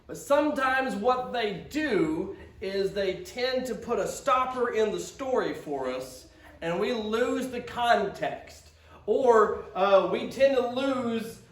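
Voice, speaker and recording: A man's voice: high-pitched, animated, a little slow, far from the mic. A man preaching a conversational sermon as pastor, with frequent stammered restarts and quotes acted out in character. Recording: roomy sound from off-mic.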